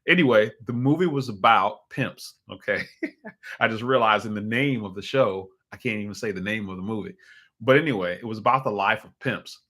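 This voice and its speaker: A man talks into a desk microphone while hosting his own live call-in stream. His voice is bright and forward. He rambles through opinionated political commentary in an animated way, restarting sentences and chuckling as he goes. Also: on the low side, moderate pace.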